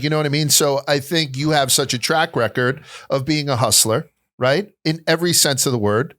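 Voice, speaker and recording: A man's voice: mid-range voice, fairly bright tone. A man hosting a casual podcast, bantering with his guest in a joking way and swearing freely. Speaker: podcast host.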